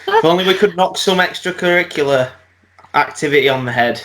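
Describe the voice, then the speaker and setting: A man's voice: fairly high pitch, brisk, a bit bright. A man with a Yorkshire accent, co-hosting a casual comedy podcast in a sarcastic, jokey way. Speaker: podcast co-host.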